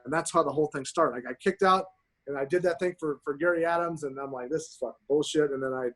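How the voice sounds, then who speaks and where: A man in his forties, a pro golfer telling profane, animated stories as a podcast guest. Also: on the high side, fast talker, faint music behind. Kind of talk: casual storytelling.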